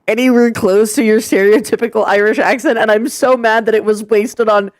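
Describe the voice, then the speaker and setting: A woman's voice: a little high, fairly even intonation, brisk, no echo. A woman streaming live and chatting casually with friends in voice chat, rambling with lots of fillers and restarts.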